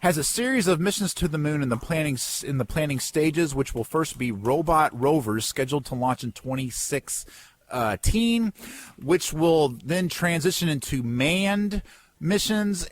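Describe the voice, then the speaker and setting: A man's voice: a little high, no room sound. A man co-hosting a casual comedy podcast, joking and laughing at his own bits. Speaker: podcast co-host.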